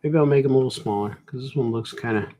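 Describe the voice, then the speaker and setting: A man's voice: mid-range voice, quick pace, warm tone, slight background noise. A man, a cartoonist, chatting casually while he draws, rambling playfully and joking to himself. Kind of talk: casual chat while drawing.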